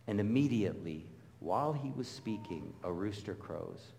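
A man's voice: on the low side, moderate pace, creaky, hardly any pauses. A middle-aged man preaching a sermon, telling stories and acting out the voices of people he quotes. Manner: storytelling, animated, acts out quoted voices. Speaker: pastor. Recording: long hall reverb.

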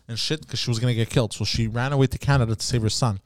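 A man's voice: medium pitch, fairly even intonation, very fast, dry recording. A man, a podcast host telling crude, rambling stories in casual chat.

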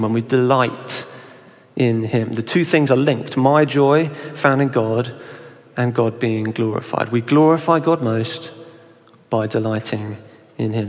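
A young man preaching a sermon in a conversational way, often asking his listeners questions. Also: mid-range voice. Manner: conversational, asks the audience questions. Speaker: pastor. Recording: reverberant hall.

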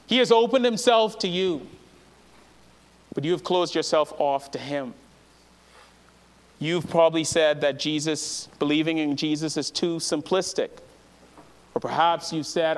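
Preaching pastor, rising to fervent peaks. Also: male voice. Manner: builds from low, soft statements to loud, high-pitched preaching. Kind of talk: sermon.

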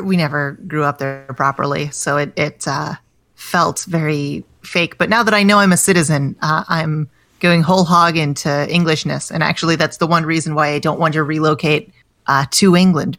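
Brief: American comedienne, 30s, low voice, dry close sound, rambling self-deprecating chat. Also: female voice, a bit bright, no echo. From United States. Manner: chatty, self-deprecating, many restarts and fillers. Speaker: comedian guest. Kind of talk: casual podcast chat.

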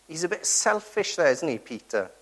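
A man's voice: a little high, sing-song, normal speed. A man preaching a sermon, earnest and emphatic, who keeps turning to the congregation with rhetorical tag questions.

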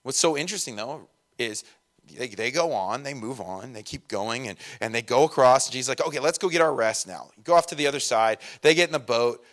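A young man preaching a sermon in a casual, animated way, acting out quick voices of the people in his story. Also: mid-range voice. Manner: animated, acts out voices of disciples and Jesus. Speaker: pastor.

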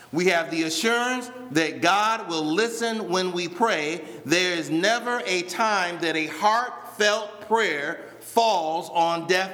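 Male pastor, sermon delivery with slow drawn-out emphasis, sharp bright tone, long church reverb. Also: high voice. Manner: addresses a responding congregation.

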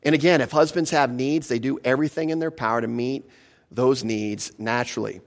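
A male pastor preaching a sermon in a conversational way, asking his listeners questions and slowing down to stress scripture. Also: mid-range voice, fairly even intonation. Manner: slows for emphasis on scripture.

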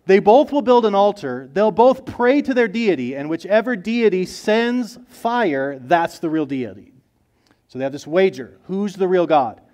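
A man preaching a sermon in a fairly high-pitched voice. He talks earnestly, rising loud on key points and then dropping to quiet, low asides. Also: expressive, measured pace. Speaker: pastor.

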